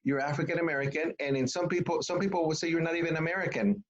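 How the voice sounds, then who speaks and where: A man's voice: fairly high pitch, very fast, muffled recording. A man from Guatemala interviewing a guest, hesitant and searching for his words, often restarting. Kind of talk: conversational interview.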